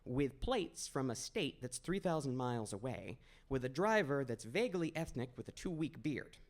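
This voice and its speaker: A young man from Maine telling a personal story at a live storytelling event, in a conversational, wry, self-deprecating way. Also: medium pitch. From Maine, USA. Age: 20s. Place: small stage at a storytelling event.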